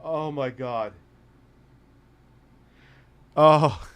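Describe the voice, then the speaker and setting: A man's voice: on the high side, extremely slow, smooth, dry recording. A man hosting a casual livestream, reading chat and ranting sarcastically with lots of swearing. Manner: profane, sarcastic ranting with frequent laughs. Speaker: streamer host.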